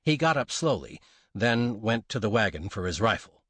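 Expressive husky male audiobook narrator. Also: lowish voice, normal speed, no room sound. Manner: expressive, dramatic reading. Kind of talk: scripted narration of a western novel.

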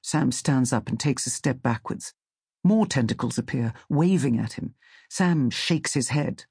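A man reads a story aloud in a calm, measured audiobook style. His voice sits at a middle pitch with a slightly breathy texture. The close mic leaves the sound dry, with no room around it. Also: no room sound. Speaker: narrator. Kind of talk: scripted audiobook narration.

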